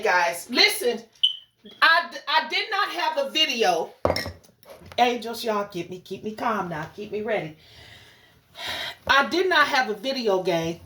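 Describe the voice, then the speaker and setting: Woman spiritual reader, livestream host: preacherly, fervent, profane, talks right at the viewers in a slightly high voice. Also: fairly bright tone, slight background noise. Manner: fervent and preacherly, with frequent cursing; addresses the audience directly and repeatedly.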